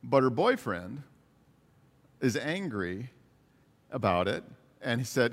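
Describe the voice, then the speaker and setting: A man's voice: medium pitch, very animated, slow pace, long pauses, big-room sound. A man preaching a sermon, earnestly retelling stories with quoted dialogue. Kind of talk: sermon storytelling.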